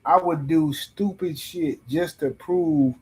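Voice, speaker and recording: On a podcast panel, a middle-aged man casually tells a story, blunt, profane and animated, frequently restarting his sentences. His voice is a little high, slow and husky.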